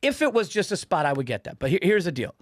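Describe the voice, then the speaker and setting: A man co-hosting a comedy podcast, telling stories in an animated, profane rant. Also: sits high, quick pace, dry recording, studio quality. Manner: animated, profane ranting storyteller. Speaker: podcast co-host. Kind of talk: casual comedic chat.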